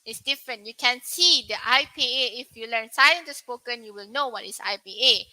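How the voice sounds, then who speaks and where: Young woman w/ malaysian english accent teaching pronunciation, very bright voice, kinda high, keeps asking you stuff. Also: poor audio. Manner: repeats words slowly to model pronunciation; asks the viewers questions. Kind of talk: online English lesson.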